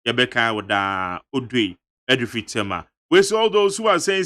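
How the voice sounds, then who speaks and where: A Ghanaian radio host reading listener messages aloud, with an emphatic, animated delivery that mixes reading with local-language asides. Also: male voice, mid-range voice, normal speed. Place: radio studio.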